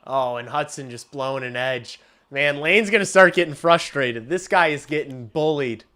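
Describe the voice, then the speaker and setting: A man streaming a hockey game and calling the play-by-play, excitable and swearing casually, shouting on big plays. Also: on the high side, normal speed. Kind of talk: live watch-along hockey commentary.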